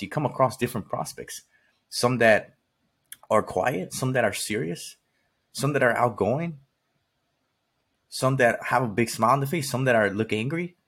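Husky-voiced man giving a blunt pep talk. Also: medium pitch, fairly bright tone. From California. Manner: blunt, swears casually, repeats phrases, talks straight to the listener. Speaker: podcast host. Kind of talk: motivational monologue.

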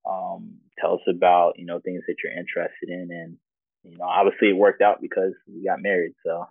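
A deep-voiced man tells personal stories in an easygoing, reflective way. His voice comes through a tinny, phone-like channel with a dry, close sound. He is the guest in an interview. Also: completely flat delivery, a little fast, vocal fry, no room sound. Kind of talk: casual personal storytelling.

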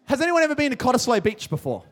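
A young Australian man, a youth pastor, hosting a youth service in a big hall, hyped and jokey, often shouting out to the crowd. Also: very high-pitched, big pitch swings, very fast, slight background noise. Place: large hall with live audience.

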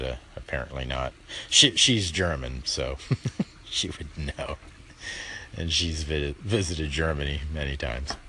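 A man's voice: very deep voice, fairly bright tone, a little hiss or hum. A man hosting a call-in radio show, rambling and chuckling wryly as he talks. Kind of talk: casual call-in talk.

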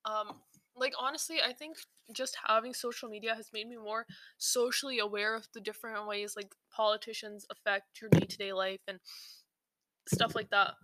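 A woman's voice: medium pitch, fairly even intonation, normal speed, sharp tone, no room sound. A young woman hosting a podcast in a casual, rambling chat, full of fillers and restarts. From South Asia. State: slightly out of breath while eating. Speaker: podcast host.

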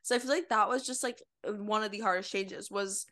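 A young woman co-hosting a podcast, talking candidly and rambling, with a dark sense of humor. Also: mid-range voice, steady tone, brisk. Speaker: podcast co-host. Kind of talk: casual chat.

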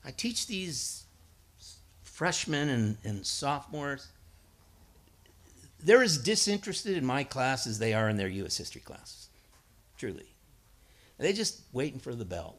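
Lively, bright-voiced man preaching. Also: medium pitch, measured pace, pauses often. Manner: storytelling, acts out voices, builds to emphatic peaks. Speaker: guest preacher and schoolteacher. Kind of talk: sermon.

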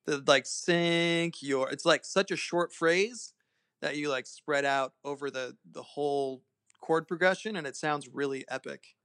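Man, podcast guest, slightly high voice, gravelly, bright, laid-back and enthusiastic. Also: a little slow, no echo, studio quality. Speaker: guest guitarist. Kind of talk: casual chat.

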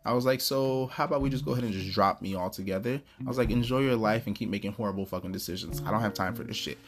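A man's voice: on the low side, rapid-fire, music in the background. A man hosting a podcast, telling a story in a blunt, profane, casual rant. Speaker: podcast host.

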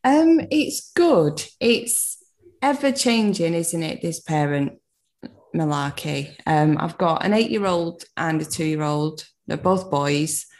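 A British woman in her thirties, appearing as a podcast guest, chats casually, laughs often and swears lightly. Her low, darkish voice is animated but slow.

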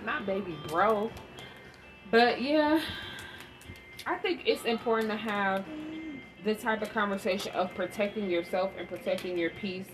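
In a rough recording with constant background noise, a woman with a mid-range voice delivers a blunt, emphatic monologue about parenting. She's a vlogger sharing a candid story.

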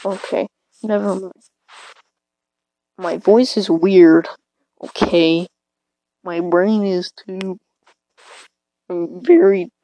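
A teenage girl talks into her phone from bed in the middle of the night, rambling and putting herself down. Her voice is mellow and dark, and it cracks from time to time. She speaks slowly, and the sound is dry and close. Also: lowish voice, steady tone, dry recording, rough recording. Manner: self-deprecating, rambling, hesitant. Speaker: podcaster. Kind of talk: casual rambling monologue.

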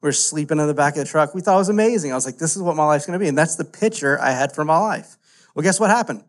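A man, preaching a casual, animated story-driven sermon full of "like" fillers. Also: a little high, rapid-fire. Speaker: pastor.

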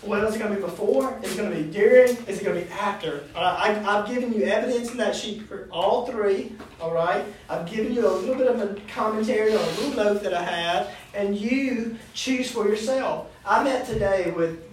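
High-voiced man teaching in an echoey room. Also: a little fast, few pauses. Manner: conversational, asks the class questions. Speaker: youth Bible study teacher. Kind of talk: casual classroom teaching. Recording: echoey room, distant mic, faint noise.

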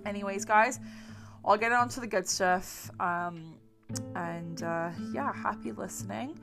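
A woman's voice: medium pitch, a little slow, vocal fry, music in the background. A woman hosting a true crime podcast, chatting casually with a rambling, sweary manner. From England. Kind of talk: casual chat.

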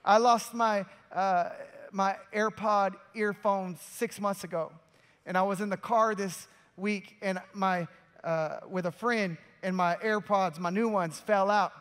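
A man with a high voice preaches a sermon, pressing his points hard and then dropping low. His voice carries a long reverb from a church hall. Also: fairly even intonation, unhurried, clean tone. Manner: emphatic preaching, swings from loud to quiet. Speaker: pastor.

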